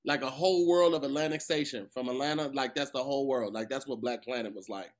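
A man co-hosting a casual podcast chat, joking around with loud outbursts. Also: mid-range voice, quick pace. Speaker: podcast co-host.

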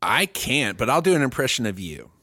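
A man co-hosting a comedy podcast, telling crude, profane stories with animated delivery. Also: mid-range voice, fairly quick, breathy edge, no echo, studio quality. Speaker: podcast co-host. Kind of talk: casual comedic chat.

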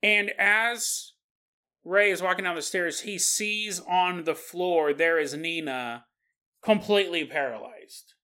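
A male podcast host telling a story in a relaxed, conversational style, often pausing for asides to the listener. His voice is bright and forward in tone, and he talks at an unhurried, slow pace. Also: high voice, clean tone.

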